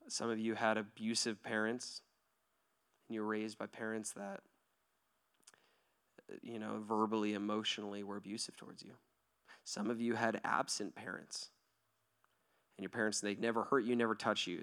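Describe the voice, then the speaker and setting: Man, 30s, pastor, sermon, gravelly, bright, lively then hushed. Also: on the low side, moderate pace, long pauses. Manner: energetic and joking, then soft and hushed at the altar call. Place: church hall.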